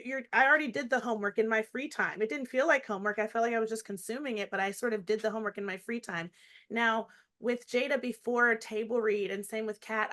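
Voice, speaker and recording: A comedic actress in her thirties, chatting as an interview guest in an animated way, with frequent laughter and quick restarts. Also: fairly high pitch. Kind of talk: casual interview chat. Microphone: video call.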